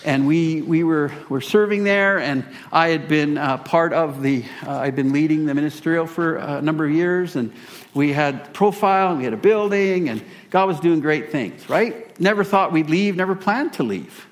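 A male pastor telling a personal story in a sermon, animated and self-deprecating. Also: on the high side, normal speed.

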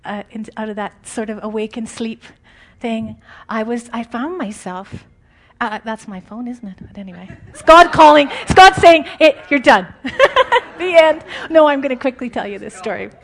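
A woman preaching an informal, conversational sermon, animated and often laughing. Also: a little high, normal speed.

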